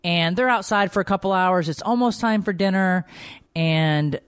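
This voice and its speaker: Woman, parent vlogger, casual chat, animated storytelling, dry close sound. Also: on the low side, moderate pace, clean tone, no echo. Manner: animated storytelling, addresses viewers directly.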